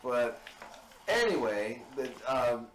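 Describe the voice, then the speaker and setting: A man's voice: medium pitch, sing-song, takes it slowly, reverberant, soft background music. Giggly man rambling through jokes. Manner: giggly, rambling joke-teller. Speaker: co-commentator. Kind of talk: casual let's play banter.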